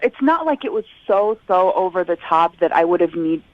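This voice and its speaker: A woman's voice: fairly low pitch, animated, normal speed, no echo. A woman talking to radio hosts over the phone, hesitant and polite, with nervous laughs. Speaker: caller on the phone. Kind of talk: phone conversation. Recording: dull phone line.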